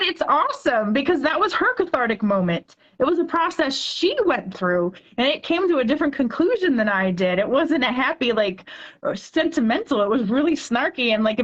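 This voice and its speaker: A woman in her forties, a poet guest, talking in a chatty, animated way with lots of filler words. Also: on the high side, brisk, highs cut off. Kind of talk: casual interview chat.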